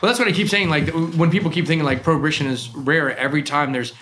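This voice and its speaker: Fast-talking man telling rambling stories. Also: on the high side, fairly even intonation, fairly bright tone, slight background noise. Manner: rambling storyteller, trailing off and restarting. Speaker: bar owner and whiskey collector. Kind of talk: casual chat.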